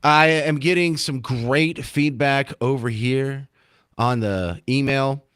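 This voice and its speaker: A man's voice: medium pitch, takes it slowly, fairly bright tone, smooth, no room sound, clean studio sound. A man hosting a talk radio show, casual and sarcastic, given to self-deprecating jokes.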